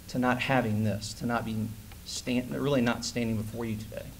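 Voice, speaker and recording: Guy in his 40s at a conference, telling his story all animated, mid-pitched voice, bit of faint noise behind. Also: moderate pace, creaky. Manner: animated storyteller who acts out quoted dialogue. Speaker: keynote conference speaker. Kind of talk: personal story in a conference speech. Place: conference hall stage.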